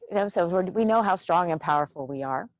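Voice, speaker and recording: A woman teaching qigong, guiding breath meditation with slow, soothing cues and a playful touch during affirmations. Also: fairly low pitch, lively intonation, no echo. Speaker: qigong instructor. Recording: dull, dry lo-fi sound.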